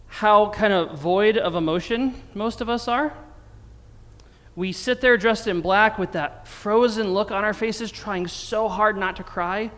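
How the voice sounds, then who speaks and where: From the pulpit of a church sanctuary, an American pastor with a high, slightly bright voice for a man delivers a sermon. He addresses the congregation conversationally with wry, dry jokes, and a long church reverb trails each phrase.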